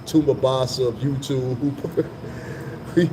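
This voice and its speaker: A man's voice: fairly high pitch, animated, takes it slowly, pauses often, darkish tone, a little hiss or hum, poor audio. A man vlogging in a casual, rambling storytelling monologue that is profane and full of asides. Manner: profane, rambling, laughs between remarks.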